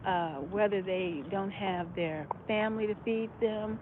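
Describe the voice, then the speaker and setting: A woman's voice: mid-range voice, unhurried. A woman talking to her followers on a phone vlog while shopping in a store, rambling and repeating herself as she thinks aloud. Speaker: vlogger. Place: inside a store. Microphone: phone held while walking. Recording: tinny phone audio in a noisy store.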